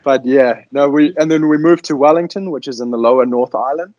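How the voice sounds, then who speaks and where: A man's voice: mid-range voice, fairly quick, darkish tone, no echo, muffled recording. A man with a South African accent, a podcast guest chatting in a laid-back, self-deprecating way over a video call. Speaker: podcast guest, fishing guide.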